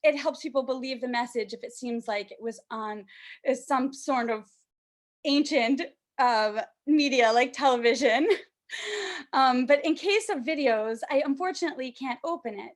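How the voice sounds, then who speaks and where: A woman's voice: high-pitched, moderate pace. A young woman from Canada performing a self-deprecating stand-up set, with fillers and sing-song baby talk. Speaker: stand-up comedian.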